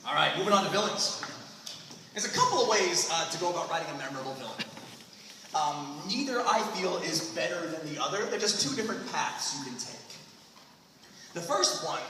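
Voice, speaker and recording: Man in his fifties, comedic panel host, high voice, very animated, far from the mic, echoey noisy hall. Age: 50s. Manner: animated, acts out squeaky comic voices. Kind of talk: comedic writing panel talk. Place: convention panel room.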